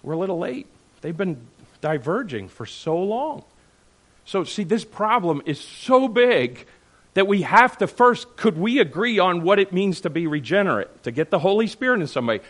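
A man's voice: sits high, sing-song, moderate pace, fairly bright tone. Emphatic man leading a church discussion. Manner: emphatic, questioning the group with "all right?" and "okay?". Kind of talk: animated teaching talk to a group.

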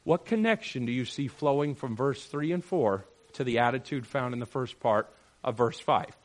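A man leading a Bible study group, teaching in an animated, questioning way and acting out quotes. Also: mid-range voice, normal speed.

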